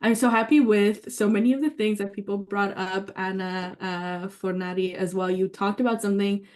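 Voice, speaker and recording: A woman's voice: mid-range voice, steady tone, normal speed, a little mellow. A woman leading a writing workshop, talking enthusiastically and thinking aloud with many fillers and restarts. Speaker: workshop leader.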